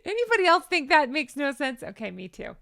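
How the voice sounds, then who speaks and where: A woman's voice: high-pitched, sing-song, fairly quick, vocal fry, fairly bright tone. A woman hosting an opinionated celebrity commentary, sarcastic and incredulous, hedging her claims with asides. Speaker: commentary host.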